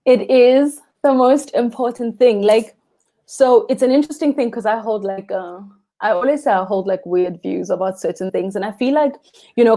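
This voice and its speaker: Guest spot: young South African woman, warm mellow tone, earnest and expressive about the ocean. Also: medium pitch. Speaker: freediving instructor, guest. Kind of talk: live interview chat.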